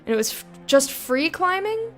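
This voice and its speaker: An American woman streaming a game, chatting casually with her viewers, self-mocking and quick to laugh. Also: extremely high pitch, big pitch swings, a bit bright, soft background music. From United States. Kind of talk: casual gameplay commentary, reading chat.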